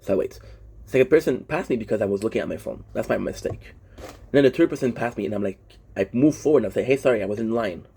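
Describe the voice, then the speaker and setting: A man's voice: fairly low pitch, fast, mellow, slight background noise. A young man whose first language is French, venting casually and frankly to his vlog audience, swearing often and restarting his sentences. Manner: frank, profane, rambling with frequent restarts. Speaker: vlogger. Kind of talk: casual personal venting monologue.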